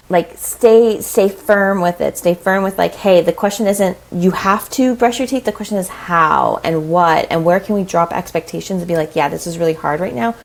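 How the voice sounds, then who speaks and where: A woman in her thirties, a parenting coach talking in a casual interview, chatty and animated, often saying "like" and "right?". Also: lowish voice, moderate pace, vocal fry, few pauses, poor audio.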